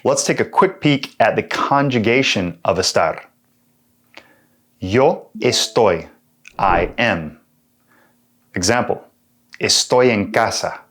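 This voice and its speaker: Slow, lively Texan Spanish teacher. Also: male voice, medium pitch. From Texas. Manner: slow and clear, repeating examples with translations. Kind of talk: language lesson.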